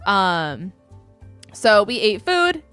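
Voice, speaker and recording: A woman's voice: medium pitch, big pitch swings, extremely slow, fairly bright tone, no room sound, soft background music. A young adult woman chatting casually with her live-stream audience, rambling with many ums and likes.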